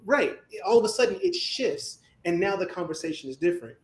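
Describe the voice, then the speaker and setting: A man co-hosting a podcast, talking in an animated, emphatic way and often asking "right?". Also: fairly quick. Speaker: podcast co-host. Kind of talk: casual podcast discussion. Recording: echoey room, faint rumble.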